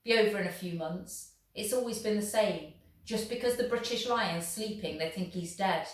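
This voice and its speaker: A woman reading aloud, voicing a boastful middle-aged farmer father shouting excitedly. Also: mid-range voice, normal speed, distant mic, lightly acted. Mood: rousing. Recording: echoey room, voice off the mic.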